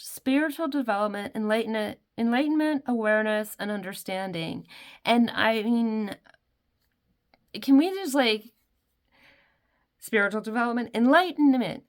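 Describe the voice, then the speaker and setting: A woman giving an emotional pick-a-card tarot reading, gushing and rambling with many fillers. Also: fairly high pitch. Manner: gushing, emotional, uses lots of "like" and "you know". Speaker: tarot reader.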